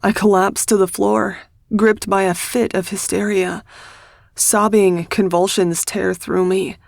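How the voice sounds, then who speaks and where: A woman reading a first-person audiobook in a measured, intimate storytelling manner on a close studio mic. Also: medium pitch, flat delivery, creaky, darkish tone, no echo. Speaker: audiobook narrator.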